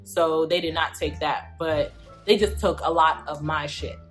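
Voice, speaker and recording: A woman's voice: low-pitched, steady tone, unhurried, a bit bright, soft background music. A young woman vlogger telling a storytime, emphatic and profane, repeating lines for effect. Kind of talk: storytime vlog.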